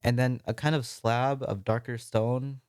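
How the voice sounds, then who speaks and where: A man's voice: medium pitch, fairly even intonation, a little slow, a little mellow, smooth, no room sound, clean studio sound. Rambling self-deprecating American man. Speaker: Minecraft building let's-play creator. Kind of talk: casual narrated gameplay commentary.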